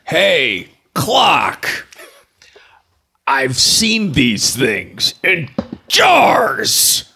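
A man playing in a tabletop game, joking loudly with sudden animated outbursts. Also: fairly high pitch, extremely slow, creaky, breathy edge. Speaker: player. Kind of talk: casual tabletop play.

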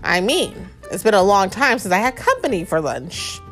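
A woman's voice: medium pitch, very animated, moderate pace, fairly bright tone, faint music behind. A woman reading aloud and voicing a big, cheerful male giant who keeps explaining things in a friendly, sing-song way. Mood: sly.

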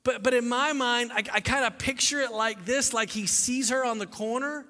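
Pastor, male, dramatic storyteller; sharp voice with a long reverb tail. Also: very high-pitched, normal speed. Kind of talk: sermon.

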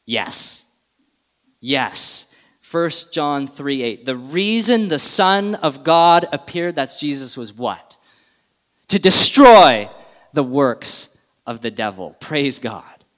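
A man preaching a sermon in a church, animated and conversational, putting questions to the congregation. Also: mid-range voice, slow. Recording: long reverb of a large hall.

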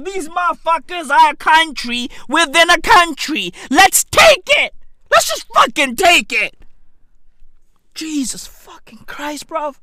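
A South African man delivering a comedic, swearing rant to camera, with frequent shouted outbursts. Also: very high voice, animated, slow pace, no room sound, clean studio sound. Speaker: vlogger.

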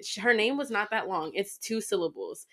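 A woman in her twenties, a podcast guest talking frankly in a casual chat, quick to laugh and full of "like". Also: mid-range voice, lively intonation, heavy background noise. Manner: chatty, frank, quick to laugh, heavy use of "like".

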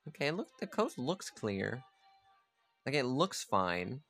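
A man's voice: medium pitch, sing-song, slow pace, a bit bright, faint music behind. Man chatting casually over gameplay. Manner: chatty, swears freely, talks to his units. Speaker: gamer playing a strategy game.

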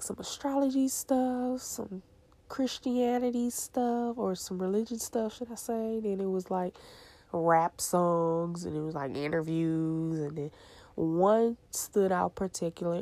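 A young woman hosts her own podcast in a loose, rambling solo chat. Her voice is gravelly with a dark, mellow tone, and her pace is unhurried. The sound is close and dry, with no room around it. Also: lowish voice, no echo. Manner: rambling, chatty, laughs often, drifts into whispers. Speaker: podcast host.

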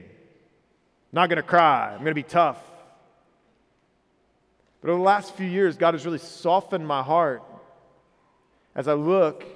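A man in his thirties preaching a sermon as a pastor, earnest and rising in emphasis when he retells the story. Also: fairly high pitch. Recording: reverberant hall.

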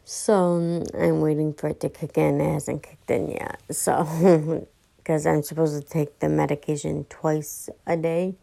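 Woman, low pitch, gravelly fry, worn out, rambling podcast chat. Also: level tone, a little slow, dark tone, low-quality recording. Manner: rambling, with frequent fillers and restarts. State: exhausted and fatigued. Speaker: podcast host. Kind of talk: casual podcast monologue.

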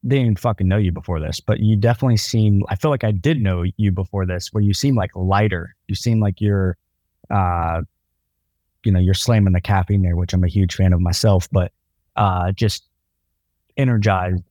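A man's voice: deep voice, normal speed, dark tone, no echo. A man hosting a podcast, chatting loosely with swearing and rambling restarts. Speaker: podcast host. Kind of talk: casual chat.

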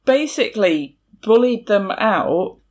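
A woman's voice: medium pitch, expressive, slow, a little mellow. A young woman chatting casually, chiming in with wry, dry asides. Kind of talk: casual podcast chat.

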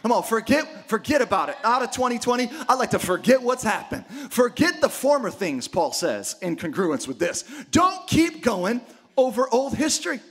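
A man preaching a sermon with lots of energy, dropping to quiet asides and then rising to shouted exclamations. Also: very high-pitched, big pitch swings, moderate pace, husky. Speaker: pastor.

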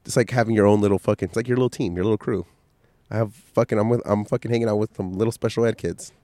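A man with a lowish voice, fighting a cold with a stuffy nose and coughs, rambles bluntly and swears freely as he hosts a solo podcast. The sound is dry and close, with no room around it. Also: steady tone, very fast, mellow, dry recording. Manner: profane, blunt motivational rambling. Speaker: podcast host. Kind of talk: casual solo podcast monologue.

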